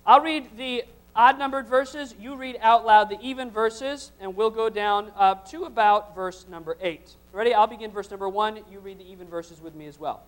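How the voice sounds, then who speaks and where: A man's voice: high voice, normal speed. A man leading a church congregation, reading scripture aloud and then preaching with rising intensity. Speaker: pastor. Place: church service before a congregation.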